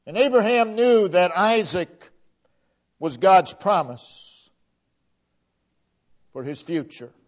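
High-pitched guy preaching, slow and deliberate, phrases trail off quiet, muffled lo-fi sound. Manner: slow, deliberate emphasis, voice sinking to a hush at phrase ends. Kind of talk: sermon.

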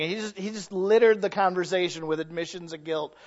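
A male pastor delivering a sermon, dropping to hushed low lines and building to loud peaks, acting out quoted voices as he tells stories. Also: brisk. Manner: acts out quoted voices in storytelling. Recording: dull lo-fi recording.

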